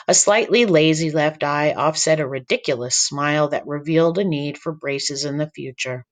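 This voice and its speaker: A man reading a children's chapter book aloud to boys and girls, giving lively voices to each character. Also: a little high.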